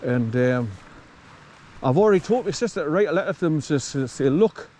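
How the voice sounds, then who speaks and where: A man's voice: on the high side, lively intonation, fairly quick, darkish tone, slight background noise. A middle-aged man with a Geordie accent, chatting casually as he walks outdoors and films a rambling vlog. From northeast England. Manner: chatty, rambling, talks to his dog. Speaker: vlogger. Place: outdoors on a country path.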